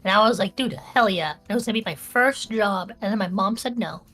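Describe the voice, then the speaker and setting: A woman's voice: mid-range voice, brisk, a bit bright, soft background music. A woman co-hosting a podcast, reading listener questions in casual chat, blunt and profane with a joking edge. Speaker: podcast co-host.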